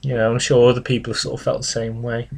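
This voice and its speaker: Flat-voiced young man, hesitant. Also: medium pitch, vocal fry, breathy edge. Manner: hesitant, halting, leans on "you know" and "sort of"; earnest and reflective. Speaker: vlogger. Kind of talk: personal confessional vlog.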